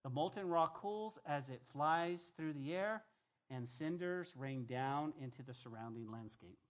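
A male pastor giving a sermon, talking to the congregation in a lively, conversational way and reading scripture softly at the close. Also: on the high side, a little slow. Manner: animated, conversational preaching with asides to the congregation.

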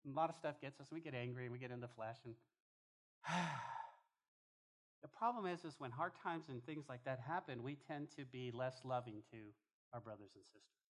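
A man preaching a sermon as pastor, emphatic and animated, often repeating phrases as he drives a point home. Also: medium pitch, moderate pace. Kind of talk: expository sermon.

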